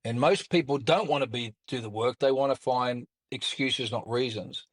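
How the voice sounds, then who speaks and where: A man's voice: medium pitch, moderate pace. Blunt man telling his story. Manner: blunt and colorful, with mild swearing. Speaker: guest, author and speaker. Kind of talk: candid storytelling in conversation.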